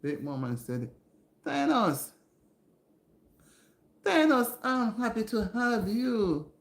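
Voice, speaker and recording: A woman's voice: mid-range voice, a little slow. Chatty woman livestreaming in an echoey room. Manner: chatty, greets viewers by name with rising excitement. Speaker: livestream host. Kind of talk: casual live-stream chat with viewers. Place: indoors at home.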